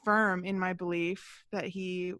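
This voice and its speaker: A woman's voice: fairly low pitch, level tone, slow, fairly bright tone, no room sound. Young woman, casual podcast chat, laughs often, lots of fillers, dry close sound, video call mic. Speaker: podcast co-host.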